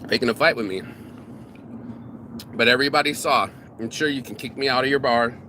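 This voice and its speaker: A man's voice: mid-range voice, a little fast, pushed and bright, slight background noise. A man vlogging outdoors in a park, ranting bluntly and profanely in a casual monologue.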